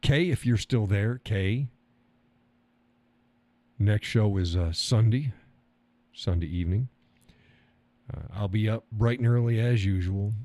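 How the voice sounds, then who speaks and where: This middle-aged host speaks slowly with frequent pauses, his voice fairly low and dark, with no echo in the audio. On his live stream he rambles through chat comments, casually swearing and chuckling often.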